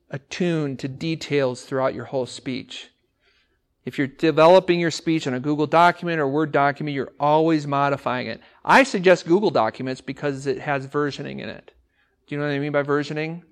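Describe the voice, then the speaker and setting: A male English teacher giving a classroom lecture to speech students, energetic and often asking the class questions and repeating words for emphasis. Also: on the high side.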